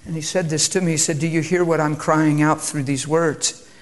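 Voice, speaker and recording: A male preacher, subdued, calm and quiet, moving between prayer and a reverent sermon. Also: on the high side, normal speed.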